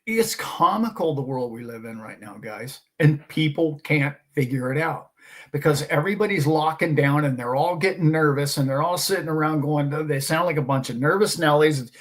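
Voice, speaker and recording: A man with a slightly high voice holds forth on his own show. He talks in an emphatic, preachy way, scoffing at doubters between his points. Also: normal speed, a bit bright. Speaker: host. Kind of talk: casual monologue.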